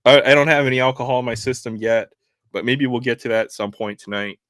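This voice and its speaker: A man's voice: medium pitch, fast talker, fairly bright tone, no echo, clean studio sound. A man hosting a live stream, chatting casually, often laughing. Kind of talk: casual chat.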